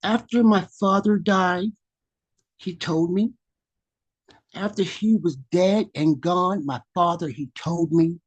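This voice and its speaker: A man reading his own poetry at a measured, dramatic pace over a video call. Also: high-pitched, steady tone, breathy edge, rough recording. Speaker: featured poet.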